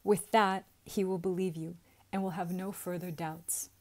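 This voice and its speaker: A woman with a Southern US accent voicing a gentle, loving holy mother who speaks to her son. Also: on the low side, fairly even intonation, moderate pace, natural voice. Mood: tender.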